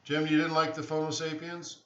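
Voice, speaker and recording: A man's voice: on the high side, completely flat delivery, a little fast, bright, forceful tone, reverberant, slight background noise. Man talking casually on a distant, dull-sounding mic. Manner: rambling, answers chat questions, many restarts. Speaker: live trading stream host. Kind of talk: casual live-stream chat.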